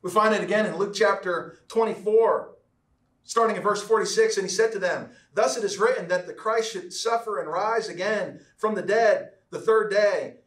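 A man preaching a sermon as pastor, emphatic and repetitive, slowing down to stress key words. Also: high voice, a bit bright, echoey room, far from the mic. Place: church sanctuary.

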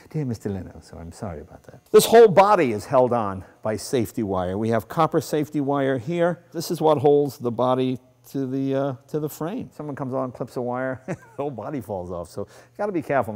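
A man's voice: mid-range voice, darkish tone. A man with a Boston accent, host of a car show, casually and enthusiastically walking through a classic car in a garage. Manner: enthusiastic, chatty, self-deprecating. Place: garage, then outdoors.

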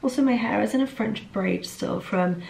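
Getting ready at home, a twentysomething trainee surgeon and vlogger from London talks in an upbeat, chatty way, constantly saying "like." She has a groggy morning voice, mid-range and a little mellow with vocal fry, at normal speed, and the audio is poor.

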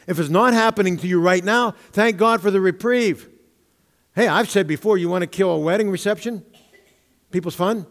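A pastor preaches a sermon from the pulpit of a church sanctuary at normal speed, his high, fairly bright voice leaning hard on stressed words. He blends plain teaching with light humorous asides, and the church hall's long echo trails each phrase.

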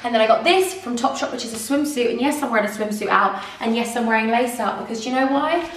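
A woman's voice: on the high side, fast talker. A giggly, self-mocking British woman in her twenties chatting through a holiday outfit try-on vlog on a camera mic. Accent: British English. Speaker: fashion vlogger. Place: outdoors on holiday, then an airport. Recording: distant camera mic with noisy background.

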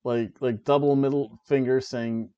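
A man hosting a wrestling review podcast, ranting and joking sarcastically in a casual, animated way. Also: mid-range voice, normal speed, smooth, dry recording. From Florida, USA. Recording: dull lo-fi dry recording.

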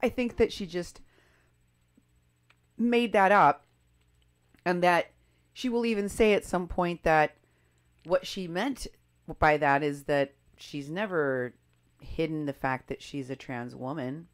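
A woman's voice: sits low, slow, long pauses. A woman commenting on clips and posts, emphatic and skeptical, stressing key words.

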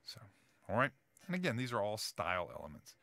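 A man's voice: lowish voice, very animated, brisk, gravelly, pushed and bright, no echo. A male teacher giving a casual writing lecture, full of fillers and restarts, often checking in with "right?".

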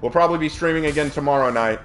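A man's voice: on the high side, rapid-fire. A man with a Southern US accent chatting casually on a game stream and telling stories. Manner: animated, chatty storyteller. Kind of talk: casual stream chat and storytelling.

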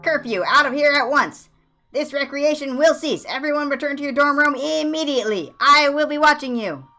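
Woman as a stern curfew enforcer, shouting orders, high strained voice, bright and forceful. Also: normal speed, soft background music. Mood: barking orders.

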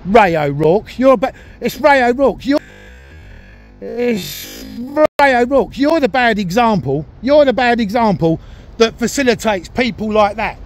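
A man with a very high-pitched voice shouts taunts outdoors. He mocks and goads, calling names in a jeering sing-song way. It sounds like he is filming on a handheld camera outside. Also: expressive, unhurried, faint music behind. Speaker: YouTube auditor filming. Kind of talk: confrontational street filming. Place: outdoors by an office building.

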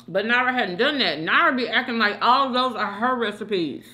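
A woman's voice: on the high side, expressive, a little slow, pauses often, pushed and bright. A woman hosting a mukbang, chatting casually while she eats and giving her opinions straight to her viewers. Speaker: mukbang host. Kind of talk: casual chat while eating.

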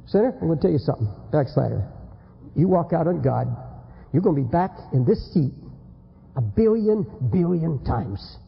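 A male preacher giving an urgent, dramatic revival sermon, swinging between shouts and hushed warnings. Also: on the high side, animated, brisk, gravelly, pauses often. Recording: dull old tape with long reverb.

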